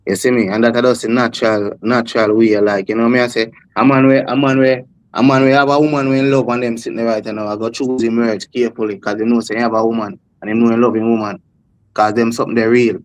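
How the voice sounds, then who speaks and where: A man's voice: medium pitch, level tone, quick pace, no room sound. A man with a Jamaican accent arguing on a discussion panel, repeating himself and calling others "brother". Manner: repetitive, insistent, keeps saying "brother". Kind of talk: heated panel debate.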